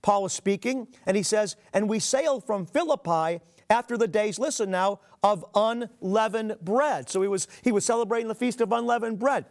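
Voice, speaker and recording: A man preaching a sermon, earnestly reading scripture aloud and calling his listeners "beloved". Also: sits high. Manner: reads scripture aloud with emphatic pauses.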